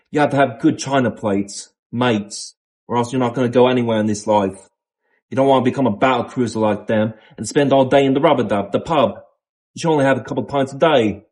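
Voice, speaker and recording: A man's voice: medium pitch, darkish tone, close to an everyday voice. A man playing Alfred, a swaggering Cockney petty crook, rambling crudely in rhyming slang in a comedic monologue.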